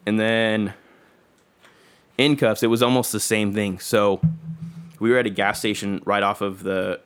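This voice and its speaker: A young man with a somewhat low voice tells a rambling story in casual chat. His talk is slangy and heavy on swearing. He keeps slipping into the voices of the people he quotes. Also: fairly even intonation, a little slow, clean tone. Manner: profane, slangy, acts out quoted dialogue.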